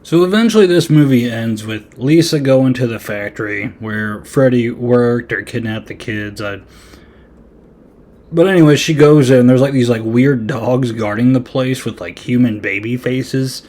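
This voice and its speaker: A man's voice: mid-range voice, measured pace, a little mellow. A man hosting a podcast and recapping a horror movie in a loose, rambling way with lots of fillers. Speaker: podcast host. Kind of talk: casual movie review.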